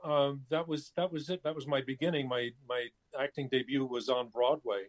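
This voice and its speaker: A man in his seventies, a guest talking casually over his cell phone, pausing often with fillers and restarts. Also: medium pitch, steady tone. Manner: hesitant, many fillers and restarts. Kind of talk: casual interview chat.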